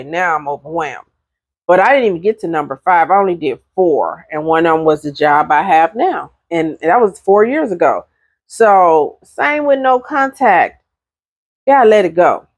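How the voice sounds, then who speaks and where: A middle-aged woman vlogs casually to camera with relationship advice, chatty and animated, her pitch swooping up and down as she makes her points. The sound is dry and close, with no room around her and no echo.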